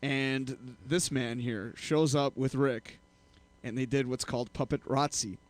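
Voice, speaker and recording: A man's voice: mid-range voice, fairly even intonation, a little slow. A man hosting an internet radio show, rambling and laughing often in casual studio banter.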